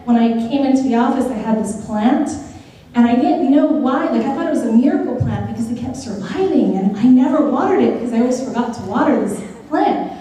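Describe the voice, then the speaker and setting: Heard from a distance in an echoey big hall, a middle-aged woman recently named a judge offers thanks at a ceremony. Her voice sits fairly high and mellow, and her heartfelt remarks carry bits of humor in the stories she tells.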